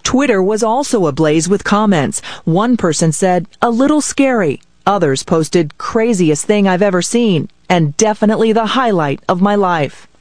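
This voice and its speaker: A woman news reporter reading a scripted report in a crisp, measured way. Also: mid-range voice, animated, darkish tone, no echo, studio quality.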